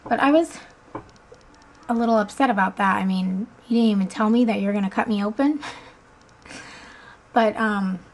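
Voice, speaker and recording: A woman's voice: mid-range voice, normal speed, pauses often, low-quality recording. A woman in her twenties casually telling the story of her son's birth, chatty with frequent ums and easy laughter. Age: 20s.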